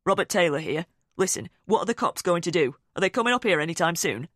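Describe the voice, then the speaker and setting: A woman voicing an assertive, calm father taking charge. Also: lowish voice, quick pace, dry recording, studio quality. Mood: firm. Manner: assertive, steady. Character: assertive, calm middle-aged father, a man.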